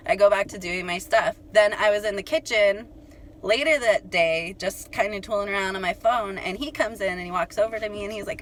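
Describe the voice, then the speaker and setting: A chatty young woman vlogging straight to her viewers, telling a story in an animated, casual way. Her voice sits at a middle pitch. A faint hiss of background noise sits under her voice. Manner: chatty, animated, full of "like" and "you guys". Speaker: astrology channel host.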